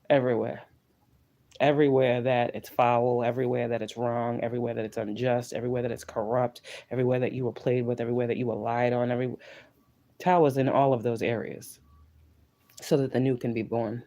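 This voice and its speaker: Man, tarot reader, mellow mid-pitched voice, casual and profane, chants lists. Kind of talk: casual spiritual pep talk.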